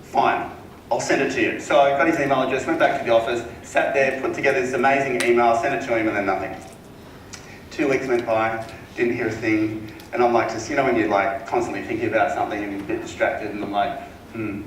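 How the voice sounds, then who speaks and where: A man's voice: mid-range voice, fast, slight background noise. Man telling stories in an echoey hall. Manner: casual, animated anecdote-telling with acted quotes. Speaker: sales seminar speaker. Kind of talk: storytelling talk to an audience. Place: seminar room. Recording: echoey hall, mic at a distance.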